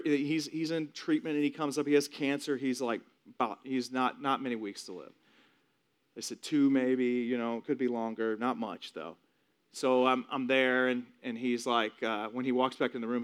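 A man's voice: mid-range voice, steady tone, normal speed, clean tone. A man in his forties giving a personal testimony, emotional and repetitive as he tells his story. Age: 40s.

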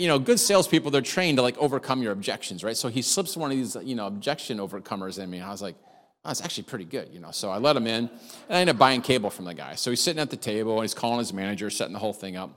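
A man preaching a sermon as a pastor, telling stories in a chatty, animated way with self-deprecating humor. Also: on the low side. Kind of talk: sermon with storytelling. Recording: hall reverb.

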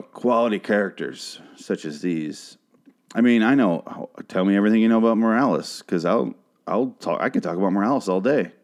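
Young male podcast host, casual profane recap rant, rambling, heated, slightly low pitch. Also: darkish tone.

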